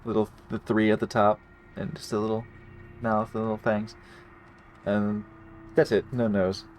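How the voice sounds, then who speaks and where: A man's voice: fairly low pitch, flat delivery, normal speed, a little mellow, a little hiss or hum. A man running a live tabletop game as dungeon master, talking in a rambling, laid-back way with lots of fillers.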